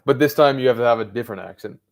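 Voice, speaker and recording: A male co-host on a live stream with a mid-range voice, reading audience challenges aloud. He teases his partner and laughs between lines in a relaxed, casual way. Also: medium pitch, racing, noisy background. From Italy.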